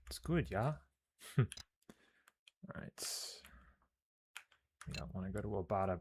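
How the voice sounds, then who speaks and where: A man with a fairly low voice plays through a space game, reading its story passages aloud. Between passages he mutters casual asides, often quietly. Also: background noise. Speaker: game streamer. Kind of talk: let's play, reading game text aloud.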